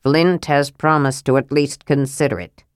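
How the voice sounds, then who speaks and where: A woman voicing a stern, honorable male knight in an audiobook, speaking formally and gravely. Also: extremely low pitch, fairly even intonation, moderate pace, no room sound, studio quality, voice pushed down. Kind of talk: audiobook character voice.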